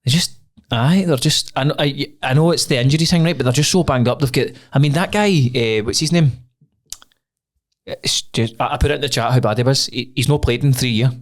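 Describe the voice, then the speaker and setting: A young man from Scotland co-hosts a podcast, chatting casually, rambling, and swearing freely. He has a mid-range voice and talks a little fast.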